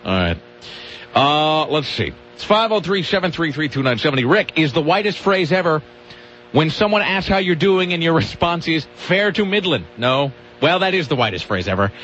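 Joking male radio host, fairly high, lively voice, casual banter; muffled radio audio. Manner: joking, animated, quick asides. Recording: dull lo-fi radio audio with faint hum.

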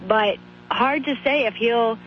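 Hoarse woman radio correspondent. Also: on the high side, slow, dull audio, slight background noise. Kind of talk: live reporting phone-in.

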